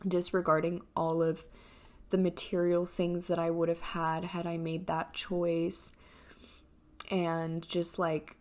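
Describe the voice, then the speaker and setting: A woman in her twenties speaks slowly in a reflective personal vlog, her voice low-pitched and flat. She is soft-spoken and halting, with plenty of fillers, and sounds emotional and close to tears. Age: 20s. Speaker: vlogger.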